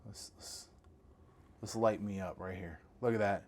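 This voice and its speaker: A young man hosting a casual tech review vlog from a small home studio. He talks straight to his viewers in an excited, slangy way. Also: low voice, a little fast. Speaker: tech reviewer, channel host.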